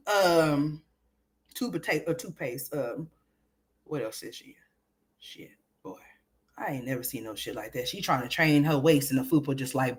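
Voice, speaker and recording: A woman's voice: rumbling low, expressive, moderate pace, pauses often, slightly rough. A woman hosting a gossip commentary livestream, profane and trash-talking, laughing often and talking straight to her viewers. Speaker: livestream host.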